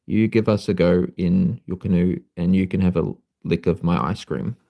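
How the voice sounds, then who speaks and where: A man's voice: sits low, steady tone, normal speed, vocal fry, mellow. A man voicing a cheerful, generous male wombat in a children's story reading. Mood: bargaining.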